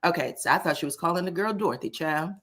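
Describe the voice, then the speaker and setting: A woman chats through a live stream in a slightly low voice. She is animated and talkative, turning often to speak to her viewers in the chat. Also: fast talker. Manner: animated, chatty, addresses the chat directly. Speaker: livestream commentator. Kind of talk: casual live-stream commentary.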